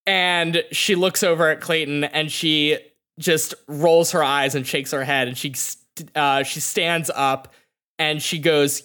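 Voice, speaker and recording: A game master narrating a tabletop role-play game in slow, descriptive sentences. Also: medium pitch, steady tone, bright, forceful tone.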